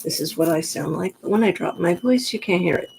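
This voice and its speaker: A woman with a gruff, gravelly voice talks to her camera in a loose, rambling way. She grew up in the New York Pocono area and speaks frankly, drifting from one thought to the next, with faint noise in the background. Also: on the low side, a little fast. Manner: chatty, digressive, frank. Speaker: vlogger. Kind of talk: casual rambling monologue to camera.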